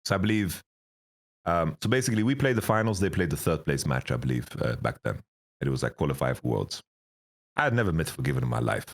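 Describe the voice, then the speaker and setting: A man's voice: extremely low pitch, sing-song, fast talker, vocal fry. A young man, an esports head coach, telling stories in a casual interview, laughing often and filling his speech with "like". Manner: laughs through stories, lots of fillers.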